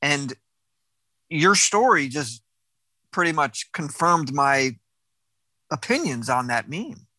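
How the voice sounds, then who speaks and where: A man's voice: a little high, big pitch swings, takes it slowly, long pauses, sharp tone, no room sound. A man hosting an interview who speaks earnestly and sympathetically, thinking aloud as he responds. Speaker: host. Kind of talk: conversational interview.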